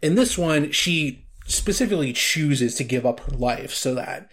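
A man's voice: on the high side, lively intonation, unhurried, a bit bright, breathy edge. A man in casual chat about a video game, rambling with lots of filler words and restarts.

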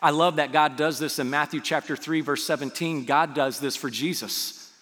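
A man's voice: on the high side, fairly even intonation, moderate pace, a bit bright. Man preaching a sermon in a reverberant hall. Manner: conversational, asks the audience rhetorical questions. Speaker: pastor.

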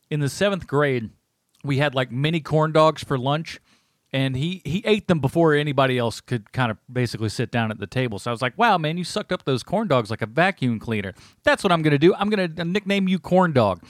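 A man's voice: on the high side, dry recording, studio quality. A man co-hosting a podcast, talking in casual chat and telling stories with frequent laughter. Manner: lively storyteller, laughs often. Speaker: podcast co-host.

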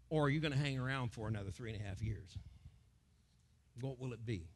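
A middle-aged man from the United States, preaching a sermon as pastor and acting out crowds and quotes in sudden loud bursts. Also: mid-range voice, a little fast, long pauses, background noise.

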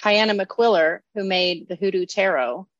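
A middle-aged woman and guest artist telling stories in a casual, animated interview, full of fillers and asides. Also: mid-range voice, normal speed, no room sound, lo-fi sound. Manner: chatty animated storyteller, many fillers and asides. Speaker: guest artist and oracle deck creator.

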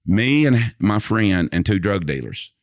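A man with a very low, deep voice tells a story in a relaxed chat. He paints scenes for his listeners and recites long passages from memory. His voice sounds dry and close. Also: measured pace, dry recording. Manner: vivid storyteller who recites scripture from memory. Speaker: guest telling a personal story. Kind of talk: casual storytelling conversation.

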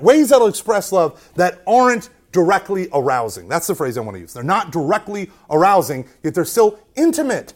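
A man in his thirties, a Catholic speaker, giving a joking, animated storytelling talk to an audience. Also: high-pitched. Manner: animated, joking, self-deprecating.

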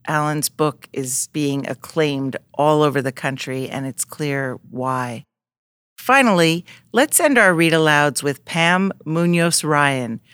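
Woman host, very low voice, slow and deliberate intros. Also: a bit bright, clear, resonant tone, no echo, clean studio sound. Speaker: host introducing read-alouds. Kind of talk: scripted introduction.

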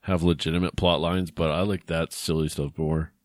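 Male podcast co-host, deep voice, laid-back and jokey, dry close-mic sound. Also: flat delivery, moderate pace, no room sound. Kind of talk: casual movie recap chat.

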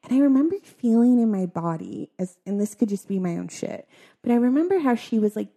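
A young adult woman talking in a halting, soft-spoken way, her sentences full of filler words, in a confessional conversation. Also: medium pitch, expressive, creaky.

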